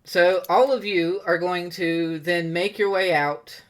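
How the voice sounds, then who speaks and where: A man's voice: high-pitched, steady tone, slow pace. A man narrating as game master of a tabletop game, rambling with many fillers and laughs.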